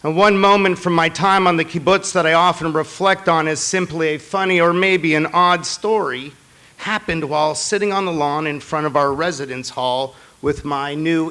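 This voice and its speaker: A rabbi with a slightly high voice gives a holiday sermon to his congregation. He blends personal stories and gentle humor with earnest appeals.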